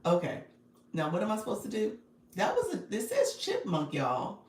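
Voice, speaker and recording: A woman's voice: medium pitch, wildly swooping pitch, normal speed, darkish tone, roomy sound, recorded from a distance. A woman coaching viewers on a casual livestream. She is chatty, laughs often and speaks straight to her audience.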